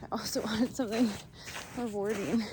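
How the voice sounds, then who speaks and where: A woman's voice: fairly high pitch, fairly even intonation, normal speed. A woman hiker vlogging candidly outdoors on a mountain trail, venting her frustration in a plain, honest way. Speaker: long-distance hiker vlogging. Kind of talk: candid vlog to camera. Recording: outdoor noise behind the voice.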